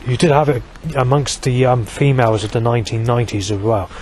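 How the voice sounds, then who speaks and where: A man's voice: mid-range voice, fairly quick, a little mellow, slight background noise. A man talking in a long, rambling vlog monologue, swearing heavily and restarting sentences, with many fillers.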